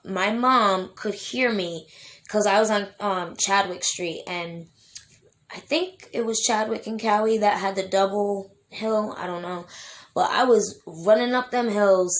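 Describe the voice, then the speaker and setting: A woman's voice: medium pitch, a bit bright. A young adult woman telling her own life story in a vlog, emotional and rambling, with many fillers and restarts. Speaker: vlogger.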